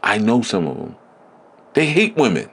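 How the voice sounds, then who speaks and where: A man giving a blunt, emphatic spiritual teaching talk in a deliberate, preaching manner. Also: mid-range voice, wildly swooping pitch, fairly bright tone. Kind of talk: preaching lecture.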